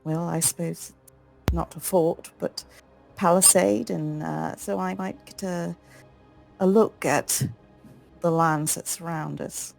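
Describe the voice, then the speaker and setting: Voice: medium pitch, fairly even intonation, slow pace, gravelly, faint music behind, pitched above the performer's own voice. A player voicing a proud woman knight in armor, speaking politely and formally. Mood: courteous.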